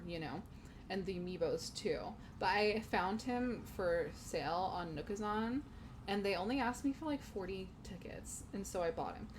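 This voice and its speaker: A woman's voice: mid-range voice, a little hiss or hum. A young woman chatting casually to her viewers while streaming a game from home, laughing often. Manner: giggly, chatty, talks to chat. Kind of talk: casual gaming stream chat. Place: home room.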